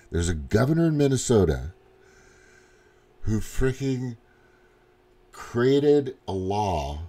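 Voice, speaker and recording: Guy ranting on his stream, swears a ton, lowish mellow voice. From Missouri, US. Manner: profane, rambling, incredulous. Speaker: livestream host. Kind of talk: casual political rant.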